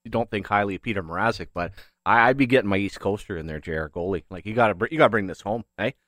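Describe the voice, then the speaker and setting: A man's voice: fairly low pitch, racing, dry recording, studio quality. A man co-hosting sports talk radio, joking around animatedly and tacking "eh" onto his lines. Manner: jokey, animated, says "eh".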